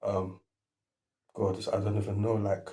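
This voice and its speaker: A man's voice: lowish voice, level tone, measured pace, mellow. A man hosting a reaction video, rambling as he thinks aloud and keeps restarting his sentences.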